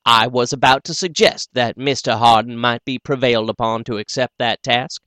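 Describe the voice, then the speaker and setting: A man voicing a stern chairman of a mob trial, firm and measured in an audiobook. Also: medium pitch, steady tone, pushed and bright, smooth, dry recording, clean studio sound, lightly acted. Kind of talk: audiobook character voice.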